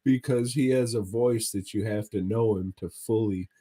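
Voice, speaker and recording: A man's voice: on the low side, moderate pace, warm tone. A man co-hosting a podcast, telling a profane story in casual chat, laughing as he goes. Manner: laid-back, swears a lot, laughs while telling a story. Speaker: podcast co-host.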